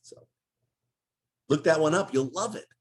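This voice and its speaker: A man's voice: on the high side, unhurried. A middle-aged man, a voice actor, telling stories in a casual interview and slipping into character voices. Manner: animated storyteller who drops into character voices.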